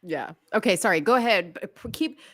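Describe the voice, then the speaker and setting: A woman's voice: medium pitch, lively intonation, fairly quick, a bit bright, dry recording, clean studio sound. A woman in her forties co-hosting a live talk show, teasing and laughing often. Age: 40s. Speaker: co-host. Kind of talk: casual live-show banter.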